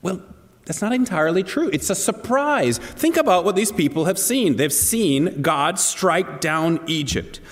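A man's voice: high-pitched, animated, unhurried, in a large hall. A man preaching a sermon to a congregation, earnest and asking them direct questions. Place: church hall.

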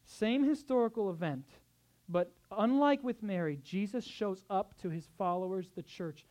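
A man preaching a sermon as pastor, swinging between soft, tender passages and loud, urgent exhortation, with conversational asides. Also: high voice, moderate pace. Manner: acts out quoted speech in conversational asides.

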